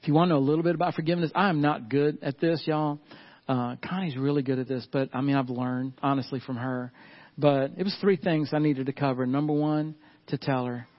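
A man's voice: mid-range voice, steady tone, brisk. Middle-aged male pastor, muffled recording. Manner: casual and storytelling, chuckling often, addressing the congregation as y'all. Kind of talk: conversational sermon.

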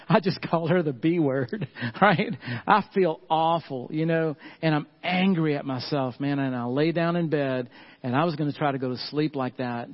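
Middle-aged male pastor, muffled recording. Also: on the high side. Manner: casual and storytelling, chuckling often, addressing the congregation as y'all. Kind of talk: conversational sermon.

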